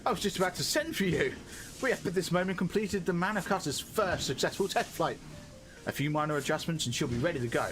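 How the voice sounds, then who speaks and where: Man doing a cheerful engineer, brisk, upbeat, slightly raised voice. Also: a little high, lively intonation, fairly bright tone, soft background music, pitched above the performer's own voice. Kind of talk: reading game dialogue aloud.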